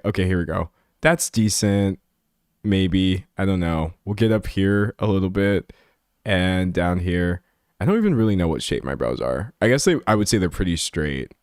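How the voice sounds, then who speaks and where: A man's voice: on the low side, no room sound, studio quality. A young man chatting casually on a live stream, talking to his chat in a self-deprecating way and laughing often. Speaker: livestreamer.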